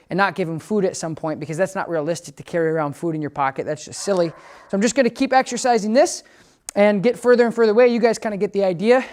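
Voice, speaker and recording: A woman's voice: medium pitch, darkish tone. A woman dog trainer talking through a training demonstration in a casual, explanatory way. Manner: chatty and explanatory, with frequent restarts. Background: background music.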